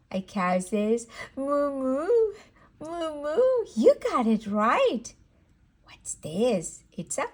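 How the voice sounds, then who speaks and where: A young woman reading a picture book aloud to a toddler in a sing-song, encouraging, slow and exaggerated way. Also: fairly high pitch, a bit bright. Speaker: children's book reader.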